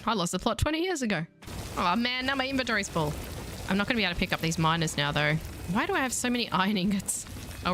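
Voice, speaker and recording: An Australian woman streams a video game, offering casual let's-play commentary that's chatty, playful and self-mocking. Her voice is lowish with a fairly bright tone, and there's slight background noise.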